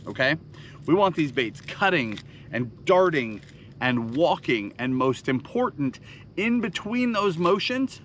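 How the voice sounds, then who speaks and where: A man leads a fishing seminar in an animated, swooping voice, counting out rhythms and punching in sound words. His delivery is emphatic and instructional. A faint hiss of background noise sits under the recording. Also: fairly high pitch, slow pace.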